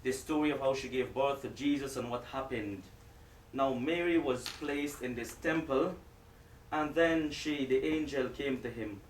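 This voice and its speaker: Speaking a little slowly at a medium pitch, an Islamic preacher gives a lively lecture to a live audience in a lecture hall, joking and talking to them directly. The hall is echoey, the mic distant, and there's slight background noise.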